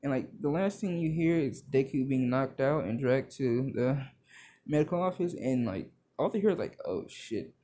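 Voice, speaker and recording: A man's voice: medium pitch, normal speed, mellow. A young man casually narrating a made-up fan story, rambling and full of fillers. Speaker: video creator.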